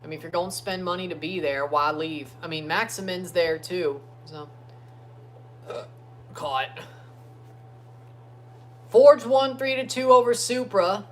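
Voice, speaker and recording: Excitable man cheering through a sports watchalong. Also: high-pitched, unhurried, pauses often, a little hiss or hum. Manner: excitable, chants and cheers at players. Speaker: livestream host. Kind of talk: casual watchalong commentary. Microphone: phone streaming app.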